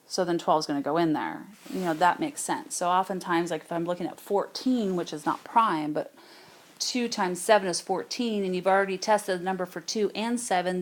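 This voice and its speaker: A woman with a lowish voice walks students through a math lesson. She explains casually, thinking aloud with small fillers, as if recording over a tablet whiteboard. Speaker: math teacher. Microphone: tablet microphone.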